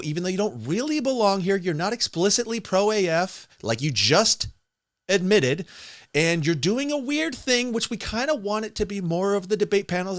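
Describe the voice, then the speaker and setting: High-voiced man on an angry rant. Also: a bit bright. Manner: aggressive, accusatory, profane. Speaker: streamer in an online debate. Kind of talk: heated rant.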